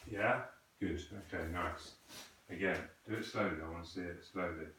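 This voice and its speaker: A man's voice: low voice, normal speed, bright, forceful tone, a little hiss or hum. A man teaching a student krav maga, patiently correcting technique and asking questions in a training hall. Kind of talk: coaching a student in a class. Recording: echoey room, voice from a distance.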